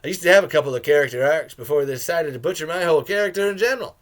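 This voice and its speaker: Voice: mid-range voice, very fast, voice pushed down, natural voice. A fan commentator briefly speaking as the bitter male survivalist character, sarcastic and complaining.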